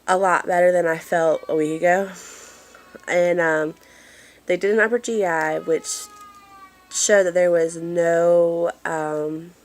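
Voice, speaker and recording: A woman chatting casually in a home vlog, apologetic and rambling with lots of fillers, filming on a handheld phone in a dim room. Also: lowish voice. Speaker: mother giving a family update.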